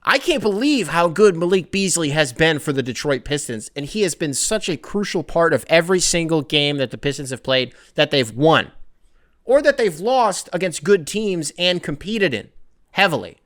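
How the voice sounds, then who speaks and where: A man's voice: fairly high pitch, normal speed. Young guy ranting on his sports podcast, swears a lot, goes off on tangents. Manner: profane, rambling, with excitable asides and self-corrections. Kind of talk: casual sports podcast rant.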